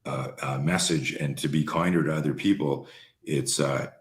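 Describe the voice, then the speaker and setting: Very deep-voiced male host. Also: fairly even intonation, normal speed. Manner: rambling, swears freely, many restarts. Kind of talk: casual interview chat.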